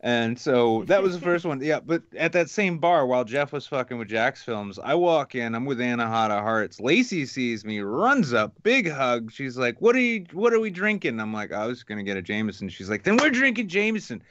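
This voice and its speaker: A man co-hosting a podcast, telling a rambling story in relaxed casual chat. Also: medium pitch, normal speed, hardly any pauses, dry recording, muffled recording.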